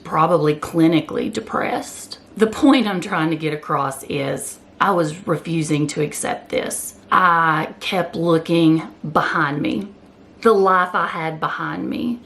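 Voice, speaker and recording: A woman's voice: sits low, a little slow, vocal fry, fairly bright tone. A woman talking candidly to her viewers in a personal vlog, repeating phrases for emphasis and sounding close to tears. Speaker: keto vlogger. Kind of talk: emotional personal chat to camera.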